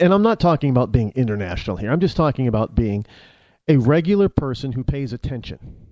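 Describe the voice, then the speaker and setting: Animated American man hosting talk radio. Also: a little high, dry recording. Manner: rambling, with many restarts and asides. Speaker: radio talk show host. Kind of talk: opinionated talk radio monologue. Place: New England.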